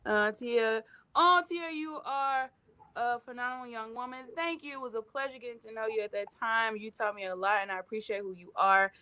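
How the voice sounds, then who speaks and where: A woman on a live stream, tearful and laughing as she gives effusive shout-outs while reading comments. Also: on the high side, a little fast, clear, resonant tone. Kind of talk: emotional casual chat, reading comments.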